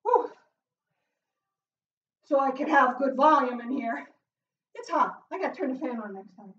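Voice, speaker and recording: A fitness instructor with a high voice coaches a live workout while exercising alongside viewers, expressive and measured, cheering them on with loud whoops and gasping for breath between moves. She's miked from a distance in a small closed room, so she sounds roomy and a bit dull.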